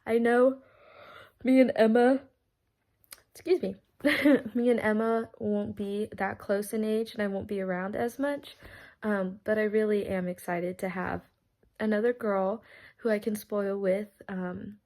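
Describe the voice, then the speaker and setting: A woman records a birthday tribute for her aunt in a mid-pitched, everyday voice. She talks casually and warmly about her memories, with lots of ums and small restarts along the way. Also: fairly even intonation, a little slow. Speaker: niece giving a birthday tribute. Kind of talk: recorded personal birthday message.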